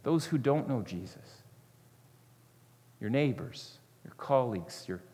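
A man preaching a sermon, earnest and repetitive, often sinking to a soft hush for emphasis. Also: medium pitch, animated, slow pace. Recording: long hall reverb.

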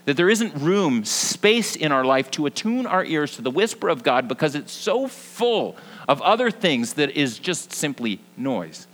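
A young man preaching a sermon as pastor, earnest, moving between lively emphasis and hushed, soft passages. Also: mid-range voice, rough recording.

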